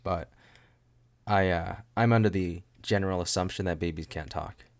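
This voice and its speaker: Low, gravelly rambling podcast host. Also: male voice, normal speed. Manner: rambling, jokey, lots of "dude" and fillers. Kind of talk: casual rambling chat.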